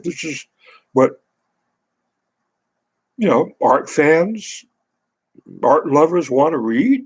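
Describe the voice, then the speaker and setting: A man's voice: a little high, sing-song, very slow, pauses often, slightly rough, low-quality recording. A man reading a book aloud, then breaking off into sarcastic, indignant commentary.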